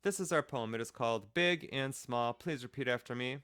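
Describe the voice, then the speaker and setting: A man's voice: medium pitch, moderate pace, a bit bright, clear, resonant tone, no echo, studio quality. Patient man teaching a music class. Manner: patient, explains step by step; counts off and keeps the beat. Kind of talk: children's music lesson.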